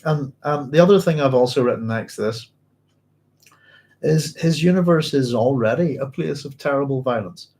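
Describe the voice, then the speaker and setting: A man's voice: mid-range voice, moderate pace, a little mellow. A man hosting a casual book club discussion from home, chatty and rambling, laughing easily.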